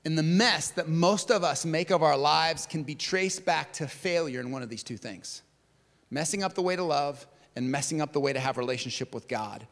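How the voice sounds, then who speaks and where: A man preaching a sermon in a large church hall, telling stories with big swings in loudness and pitch. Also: normal speed, gravelly. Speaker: pastor. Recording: long hall reverb.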